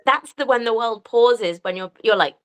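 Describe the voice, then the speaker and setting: A woman, a podcast guest, telling her own story in an excited way with frequent laughter. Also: a little high, normal speed, smooth. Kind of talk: casual conversation.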